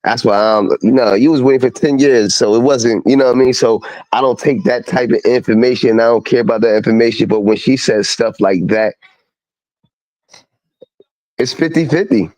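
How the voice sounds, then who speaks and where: A man's voice: medium pitch, normal speed, a little mellow, no room sound, poor audio. A male host chatting casually, rambling and leaning on fillers like "you know what I'm saying". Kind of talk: casual chat.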